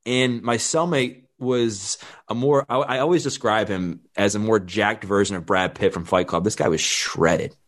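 Frank storytelling man, slightly low voice. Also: moderate pace. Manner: frank, plain-spoken, acts out quoted dialogue. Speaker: fitness trainer telling his life story. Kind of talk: candid personal storytelling.

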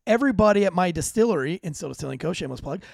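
A man co-hosting a podcast, excitable and casually swearing as he chats and slips in sponsor reads. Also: high voice, racing, creaky, no room sound, studio quality. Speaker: podcast co-host.

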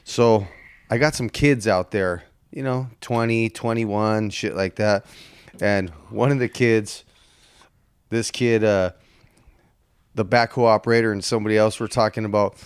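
A man's voice: fairly low pitch, fairly even intonation, unhurried, smooth, no room sound. A man in a casual chat, laid-back and swearing casually, giving short reactions and telling a work story.

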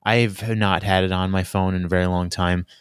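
Young male host, profane sardonic rambler, lowish voice, dry close sound. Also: little pitch movement, brisk, clear, resonant tone, no room sound. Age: young adult. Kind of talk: casual solo rant.

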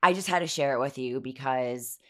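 A low-pitched woman in her thirties with a hoarse, scratchy voice. She hosts a casual podcast and chats in a giggly, self-mocking way. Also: moderate pace, sharp tone. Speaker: podcast host. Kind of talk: casual chatty storytelling.

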